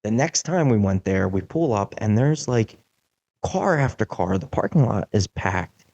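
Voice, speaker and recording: Low, dark-voiced man telling a story. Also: unhurried, dull audio. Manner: animated, acts out quotes, many "like" fillers. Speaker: podcast host. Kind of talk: casual storytelling.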